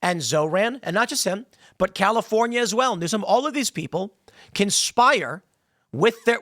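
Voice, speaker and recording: A man's voice: high-pitched, fairly bright tone, no room sound, clean studio sound. A man hosting a political commentary show, talking in an emphatic, heated way and slipping into mocking voices when he quotes people. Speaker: podcast host.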